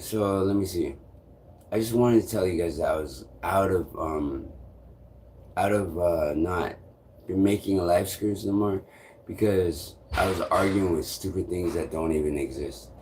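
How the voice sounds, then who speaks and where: Young guy rambling on his live stream, lowish voice, lots of likes and f-words. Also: darkish tone, slight background noise. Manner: rambling, halting, swears often, many fillers.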